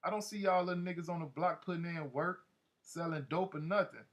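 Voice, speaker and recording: A man's voice: on the high side, a little fast, voice pushed up, natural voice. A man voicing a swaggering adult male gang leader who talks aggressively and curses in a storybook audiobook. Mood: menacing, scornful. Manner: aggressive, cursing, scolding.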